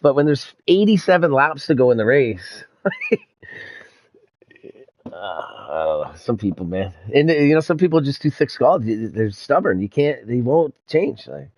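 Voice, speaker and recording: A man's voice: mid-range voice, sing-song, normal speed, long pauses, no room sound. A young man streaming sim racing, chatting casually with friends, laid-back, swearing and laughing a lot. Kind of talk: casual chat over voice chat.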